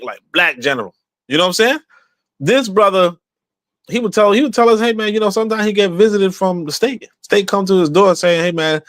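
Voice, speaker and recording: Man, podcast host, high-pitched, animated and repetitive, dead dry room. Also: dry recording. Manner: emphatic, repetitive, conversational with rhetorical questions. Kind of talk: casual livestream talk.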